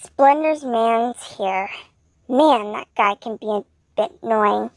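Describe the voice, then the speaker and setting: A woman's voice: on the high side, takes it slowly, dry recording, clean studio sound. A woman voicing a sneering young male killer, talking in a scornful, mocking way, while reading a fanfiction aloud.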